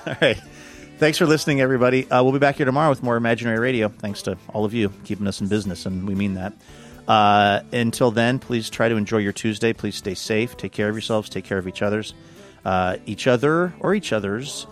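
A man's voice: on the low side, fast, soft background music. A man hosting a podcast in casual chat, joking dryly as he signs off the show. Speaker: podcast host.

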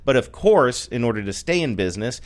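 A man's voice: mid-range voice, big pitch swings, fairly quick. A man co-hosting a podcast, chatting casually in a rambling, self-correcting way and laughing often. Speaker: podcast co-host. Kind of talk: casual chat. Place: North Seattle area.

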